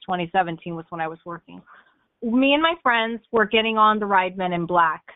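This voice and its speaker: A woman's voice: mid-range voice, fairly quick, no room sound. A young woman, a podcast guest, telling stories casually with lots of fillers and laughter. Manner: animated storyteller who laughs often, with fillers like "like" and "um". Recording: tinny phone-like line.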